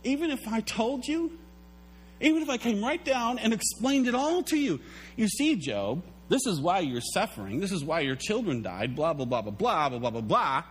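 A man's voice: high voice, very animated, moderate pace, husky, pitched above the performer's own voice, exaggerated voice, rough recording. A man voicing God as a stern, all-knowing deity who lectures a mortal with exasperated emphasis.

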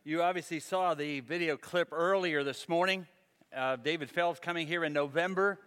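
A man's voice: a little high, normal speed, a bit bright, clear, resonant tone, big-room sound. A man preaching a sermon as pastor, talking in a conversational, folksy storytelling way.

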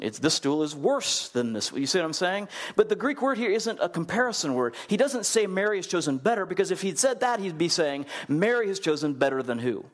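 Animated preacher, man, somewhat high voice. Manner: animated storyteller, acts out quotes with big swings in pitch; conversational, asks the congregation questions. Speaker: pastor. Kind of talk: sermon.

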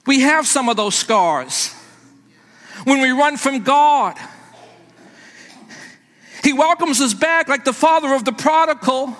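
A man's voice: extremely high pitch, fairly bright tone, big-room sound. A man preaching a sermon to his congregation in a church, emphatic, and calling out to them. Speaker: pastor. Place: church sanctuary.

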